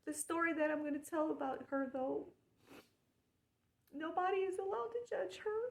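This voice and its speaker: Earnest, emotional woman with a high voice. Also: expressive, moderate pace, vocal fry. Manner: earnest, spiritual, emotional with repetitions. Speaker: vlogger. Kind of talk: heartfelt personal monologue.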